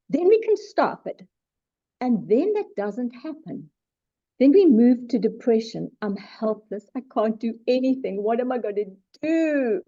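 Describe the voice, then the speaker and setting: A middle-aged woman, a psychologist giving a webinar talk in an animated, emphatic way with self-deprecating asides. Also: high voice. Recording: dull lo-fi webinar audio.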